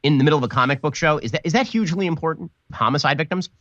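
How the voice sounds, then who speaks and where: A man's voice: a little high, very fast, a bit bright, dry recording, lo-fi sound. A man giving mocking, sarcastic political commentary. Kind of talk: rapid-fire commentary.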